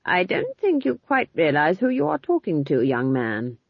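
A woman voicing a stern, firm older female witch who speaks briskly and matter-of-factly, in an audiobook reading. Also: lowish voice, sing-song, husky, no room sound, full character voice. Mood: haughty. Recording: slightly dull lo-fi recording.

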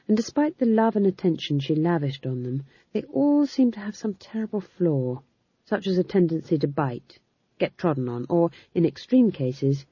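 A woman narrating an audiobook in a measured, expressive way. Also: lowish voice, breathy edge, dry recording. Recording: dull lo-fi dry recording.

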